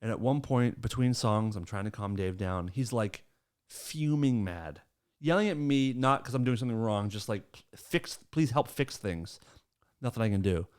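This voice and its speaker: A young adult man hosting a podcast tells a casual story, animated and laughing mid-story as he acts out quotes. His lowish voice is clean in tone and runs at a normal speed.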